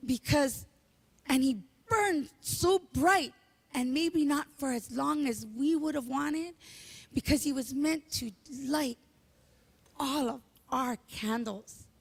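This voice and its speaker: A woman giving a heartfelt eulogy at a memorial, telling stories with animated emotion. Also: high-pitched. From Hawaii. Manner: emotional, animated storytelling, tearful at moments. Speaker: memorial speaker.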